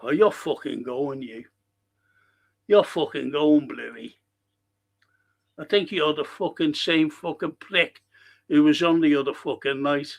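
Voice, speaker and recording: Hosting a live football watchalong, a man with a high-leaning, creaky voice reads chat messages aloud and answers them bluntly, swearing and quick to lose his temper.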